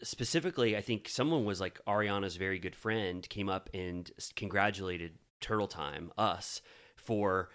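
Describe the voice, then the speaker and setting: Young male co-host, lower voice, chatty anecdotal delivery. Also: normal speed, clear, resonant tone. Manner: chatty, animated storytelling with quoted voices. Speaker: podcast co-host. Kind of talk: casual chat.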